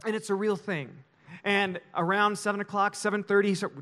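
A man pastor telling stories in an animated sermon. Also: sits high, quick pace. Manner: animated storytelling.

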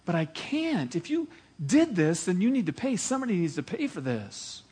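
A man voicing a kindly judge in a sermon story, gentle but firm. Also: high voice, huge pitch swings, moderate pace, breathy edge, heavily acted. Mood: regretful, firm.

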